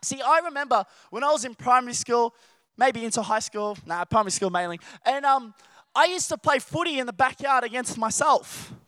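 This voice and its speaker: A man's voice: extremely high pitch, lively intonation, fairly quick, sharp tone, no echo. A man preaching a sermon, telling stories with playful, acted-out voices.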